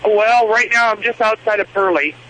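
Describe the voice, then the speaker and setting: A woman's voice: mid-range voice, normal speed, a bit bright. A woman calling into a radio show, chatty and friendly. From United States. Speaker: caller. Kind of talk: phone call to radio show. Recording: tinny phone line.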